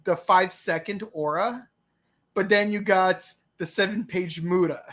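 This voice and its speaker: Excitable casual co-host, quick restarts, mid-range voice. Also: medium pitch. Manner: excitable, repeats words as he starts. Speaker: podcast co-host. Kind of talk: casual review chat.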